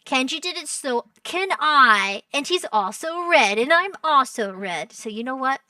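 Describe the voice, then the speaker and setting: A woman's voice: high voice, animated, unhurried, pushed and bright, no room sound, studio quality, far from the mic. A young woman streaming as a VTuber, chatting casually and playfully while reacting to a show, giggling and teasing her chat.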